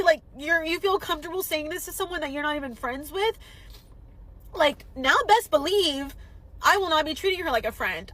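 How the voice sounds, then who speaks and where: A woman's voice: high voice, fairly bright tone, no echo, low-quality recording. A young woman, tearful, venting an indignant storytime to camera, exasperated and swearing. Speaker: healthcare worker. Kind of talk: emotional storytime vent to camera.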